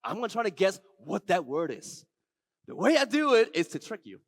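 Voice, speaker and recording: A man giving a live keynote talk, running a magic trick with a volunteer before an audience, shifting from soft, slow passages to loud, excited calls. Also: high-pitched, no echo.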